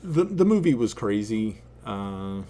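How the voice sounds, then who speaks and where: Animated, swearing man telling a story. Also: fairly low pitch, unhurried. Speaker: stream host. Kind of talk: casual chat.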